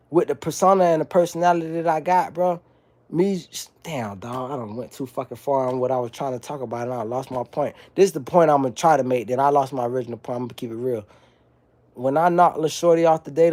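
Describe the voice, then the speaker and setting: A man's voice: on the high side, darkish tone. A man from South Florida talking casually into his phone at home during a livestream, rambling through stories in loose, profane street talk and often losing his thread. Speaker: livestream host.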